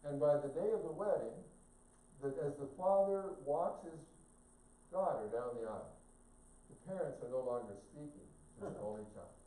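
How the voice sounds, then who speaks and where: An older man preaching a sermon as a guest speaker, telling stories with humor and shifting into a higher voice when he quotes people. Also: expressive, normal speed, mellow. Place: church sanctuary. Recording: echoey sanctuary from a distance.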